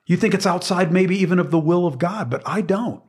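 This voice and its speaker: A man's voice: high voice, brisk. A middle-aged man explaining Bible passages in casual conversation, earnest and emphatic, often repeating words as he searches for phrasing.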